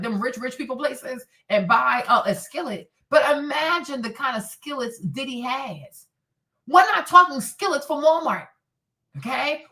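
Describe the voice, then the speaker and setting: A woman's voice: high voice, sharp tone, far from the mic. A woman giving a blunt, profane commentary rant as a streamer, acting out quotes as she goes.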